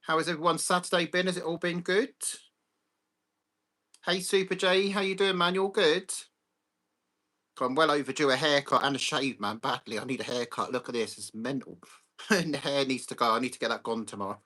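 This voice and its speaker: A man's voice: on the high side, fairly quick, sharp tone. A man hosting a casual live stream from his phone, greeting viewers by name and chatting bluntly. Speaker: livestream host.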